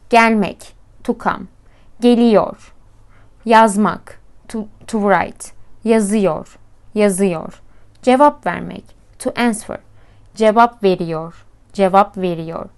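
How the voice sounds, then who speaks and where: A woman with a Turkish accent, whose first language is Turkish, teaches a language lesson and patiently explains each step, repeating words slowly. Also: medium pitch, smooth.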